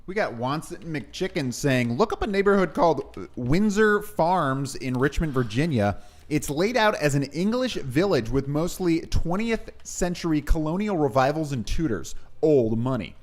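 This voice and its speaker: A man's voice: fairly high pitch, lively intonation, moderate pace, hardly any pauses. A man co-hosting a casual livestream, reading out viewer messages and chiming in with quips. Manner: reads viewer messages aloud, chimes in with quips. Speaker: stream co-host reading chat.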